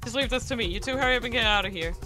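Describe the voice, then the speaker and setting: A woman's voice: on the high side, very fast, sharp tone, faint music behind, voice pushed up. Woman reading a cocky, sarcastic male reporter. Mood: urgent. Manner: taunting, sarcastic. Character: cocky male journalist, needling and bold.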